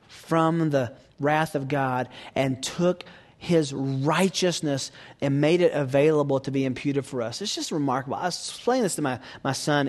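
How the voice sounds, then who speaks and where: Speaking in a mid-range voice, a preacher swings between quiet, almost whispered lines and forceful loud climaxes. Along the way he asks his listeners rhetorical questions.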